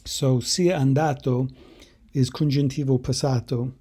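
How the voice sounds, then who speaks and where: A man teaching a language by explaining a translation, unhurried and explanatory, with hesitant fillers. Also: medium pitch, steady tone, dark tone, slightly rough.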